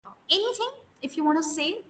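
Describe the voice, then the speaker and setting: A woman's voice: extremely high pitch, expressive, fast, a bit bright. A woman teaching an online interview skills class, stressing key words and quizzing her students. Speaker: soft skills interview trainer. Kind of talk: live online class lecture. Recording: echoey room with long reverb, faint hiss.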